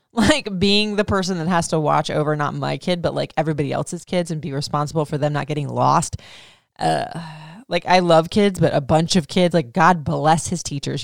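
Gravelly, chatty woman podcaster. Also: low voice, no room sound, studio quality. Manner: chatty, emotional, swears freely. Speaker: podcast host. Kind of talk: candid personal monologue.

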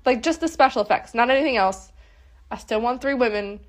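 A woman's voice: fairly high pitch, fairly quick. A young adult woman co-hosting a podcast in casual chat, giggly and rambling with lots of "like". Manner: giggly, rambling, heavy "like" filler. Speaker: podcast co-host.

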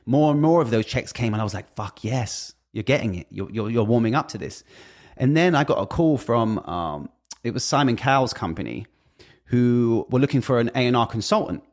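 A man's voice: mid-range voice, moderate pace. A British man in casual chat, telling stories animatedly and swearing often. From Britain. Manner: animated storytelling, profane. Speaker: guest, music industry worker.

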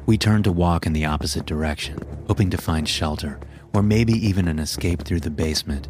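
A man narrating a scripted horror story in a measured, grim way. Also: low voice, a little mellow. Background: background music.

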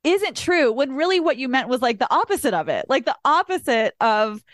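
Speaking a little fast in a high, very animated voice, this young woman podcast host tells a personal story candidly and emphatically. She swears now and then, acts out what people said, and the recording is dry with clean studio sound.

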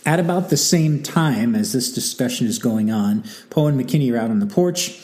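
At medium pitch and normal speed, a man presenting a history channel narrates casually and with animation, dramatizing quotes and adding plenty of wry asides.

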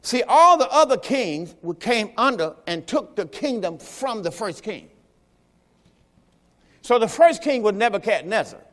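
A man with a high-pitched voice teaches a sermon, talking loosely and quizzing the congregation as he goes. His voice rings out with a long reverb in a church sanctuary. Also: animated, a little slow, a bit bright. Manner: conversational preaching, quizzing the congregation. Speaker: pastor.

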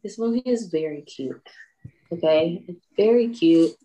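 A woman's voice: lowish voice, a little slow, warm tone. A woman co-hosting a casual movie podcast, blunt and profane, laughing often. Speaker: podcast co-host. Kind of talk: casual movie review chat.

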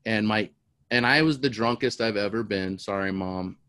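A middle-aged man casually telling a long, rambling story, animated and often repeating words as he goes. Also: fairly low pitch, moderate pace, clean tone, dry recording. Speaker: storyteller guest.

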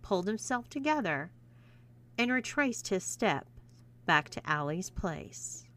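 A woman narrating a scripted story in a smooth, measured reading voice. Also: mid-range voice, sing-song, a bit bright.

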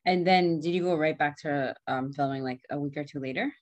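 A woman's voice: sits low, fairly quick. A woman hosting a casual chat, asking sympathetic questions. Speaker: podcast host.

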